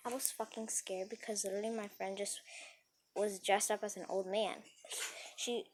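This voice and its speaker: A woman narrates a casual storytime tale at a middle pitch, rambling and breathless as one thought spills into the next. A faint hiss of noise sits under her voice. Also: level tone, normal speed.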